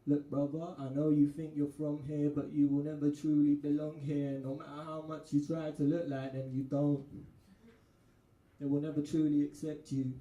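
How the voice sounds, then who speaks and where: A man's voice: on the high side, monotone, moderate pace, mellow, dull audio, close to an everyday voice. A man voicing a devout young man who lectures a friend in a moralizing, scolding way. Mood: preachy. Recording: echoey live venue room.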